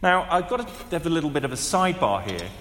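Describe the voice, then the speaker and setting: Animated preacher in an echoey hall. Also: male voice, fairly high pitch, fast talker, slight background noise. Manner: animated, conversational, with asides and rhetorical questions. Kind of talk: sermon. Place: large church hall. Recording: echoey hall with long reverb.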